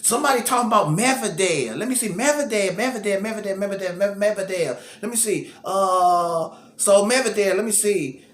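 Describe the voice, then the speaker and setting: A man's voice: high-pitched, fairly quick, a bit bright, reverberant. A man hosting casual tennis commentary, thinking aloud and repeating himself as he goes.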